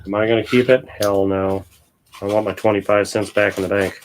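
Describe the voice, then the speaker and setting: A fairly low-voiced man from Ohio hosts a casual livestream while sorting coin rolls. He talks bluntly, with crude jokes and teasing banter, and a faint noise sits behind him. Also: level tone, brisk, poor audio. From Ohio, USA. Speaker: livestream host.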